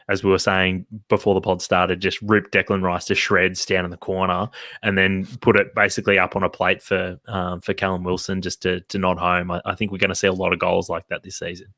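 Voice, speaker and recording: A low-pitched man chats loosely about a football match, piling up restarts and the occasional curse. His voice sits close and dry on the mic, with no room sound. It sounds like an easygoing podcast co-host. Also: a bit bright, no room sound. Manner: rambling, with restarts and casual swearing. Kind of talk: casual football chat.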